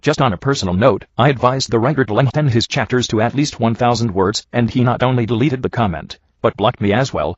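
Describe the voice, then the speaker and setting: A man reading a badly written story aloud in a dry, sarcastic, deadpan way, mocking it as he goes. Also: medium pitch, brisk, hardly any pauses, dry recording. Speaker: reviewer reading bad fanfiction. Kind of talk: dry comedic reading and commentary. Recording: dull lo-fi home recording.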